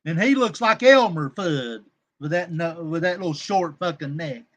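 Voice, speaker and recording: High-voiced man ranting on a livestream. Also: animated, normal speed. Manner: rambling, combative, coarse, shouting out viewers by name. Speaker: livestream host. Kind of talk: casual livestream talk to chat viewers.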